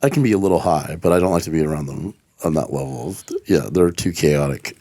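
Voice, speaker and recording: A man from South Carolina hosting a podcast, chatting casually with relaxed, rambling asides and quick reactions. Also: extremely low pitch, dry recording. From South Carolina, USA. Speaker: podcast host. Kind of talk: casual chat.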